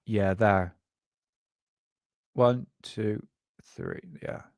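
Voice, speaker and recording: Speaking extremely slowly in a fairly low voice, an Englishman hosts a live UFO stream, recorded dry with studio quality. It's casual, rambling chat full of laughter as he talks to viewers and reacts to clips.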